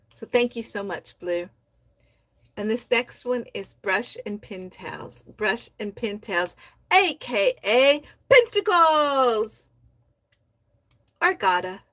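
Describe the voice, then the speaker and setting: A woman hosting a poetry livestream, reading members' poems aloud in a soft, heartfelt way and chatting about them between readings. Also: mid-range voice, no room sound. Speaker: host of a poetry society livestream.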